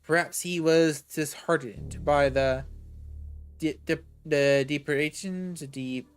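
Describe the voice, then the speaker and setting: A grave vampire ally speaks slowly and deliberately about ancient bloodlines, as a man reads him aloud in a game. His voice runs a little lower and quieter than ordinary talk. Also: fairly even intonation, clear, resonant tone, soft background music.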